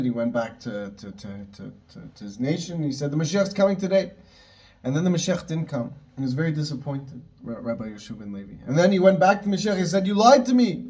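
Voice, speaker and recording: A man giving an earnest, excitable Torah lesson, often restarting his phrases as he builds toward his point. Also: mid-range voice. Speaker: Torah teacher.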